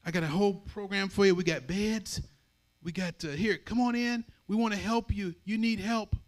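A man putting on a loud, pushy woman calling out. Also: high voice, normal speed, voice pushed up, natural voice. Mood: pleading. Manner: urgent, coaxing, yelling.

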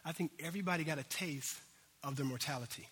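A man preaching a sermon as a pastor, telling a story in an animated way that swings between loud bursts and hushed moments. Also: on the high side, fast, husky. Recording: hall reverb.

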